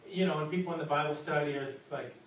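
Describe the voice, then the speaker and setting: A man's voice: a little high, fairly even intonation, slight background noise. A man preaching a sermon, telling a story with many restarts and building to an urgent challenge. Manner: halting with many restarts, rising to urgent exhortation. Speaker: pastor. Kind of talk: sermon with story and closing prayer. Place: church sanctuary. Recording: roomy distant church PA recording, dull.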